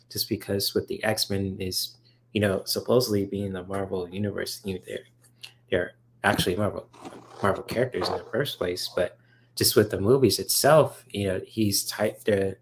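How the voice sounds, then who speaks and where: A man hosting a relaxed livestream, reading viewers' chat and answering them. His voice sits low with a gravelly fry, and he talks in loose, rambling runs full of fillers. He sounds eager and chatty about the subject. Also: a little hiss or hum. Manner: rambling, filler-heavy, enthusiastic about comics.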